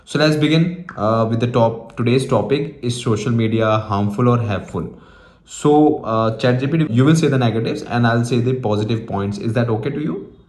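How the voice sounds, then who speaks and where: Guy leading an english discussion, slow and halting, lots of pauses, roomy echo. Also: medium pitch, darkish tone. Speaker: host.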